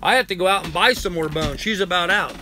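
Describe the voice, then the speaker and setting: A man's voice: high-pitched, fast talker, pushed and bright, slight background noise. An older man hosting a casual live chat from home. He rambles, thanks viewers by name and coos at his dog. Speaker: live-stream host.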